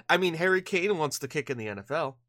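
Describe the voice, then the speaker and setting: A man's voice: a little high, expressive, moderate pace, a bit bright, no room sound, studio quality. A tired man co-hosting a casual podcast. He jokes around, laughs often and restarts his sentences. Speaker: podcast co-host.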